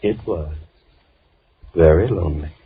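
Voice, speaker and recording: An actor playing a soft-spoken, coldly polite madman in a 1950s radio drama. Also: sits low, unhurried, husky, heavily acted. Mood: softly menacing. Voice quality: calm, gentle, coldly polite. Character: soft-spoken menacing madman, middle-aged. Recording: tinny old radio broadcast with faint hiss.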